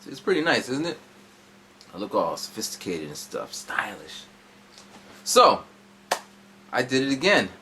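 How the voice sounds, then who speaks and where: A man's voice: medium pitch, sing-song, unhurried, long pauses, pushed and bright, a little hiss or hum. A man in his forties telling a long, rambling story in a casual vlog from home, jumping around as he goes. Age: 40s. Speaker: vlogger. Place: at home indoors.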